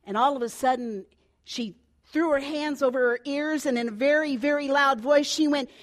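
An older woman preaching a sermon, telling a family story with swings between hushed and loud delivery. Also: high-pitched, moderate pace.

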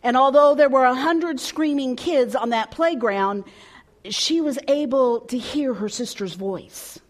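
Slow, expressive woman preaching a sermon. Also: sits high. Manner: expressive, dropping to soft and hushed. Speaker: pastor. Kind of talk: storytelling sermon.

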